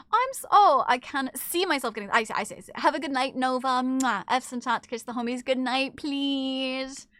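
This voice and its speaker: A woman streamer hangs out with her viewers late at night, answering their messages. She is playful and teasing and swears freely. Her voice sits high and sharp, and a close mic keeps it dry. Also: no room sound. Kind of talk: casual live-stream chat, reading chat aloud.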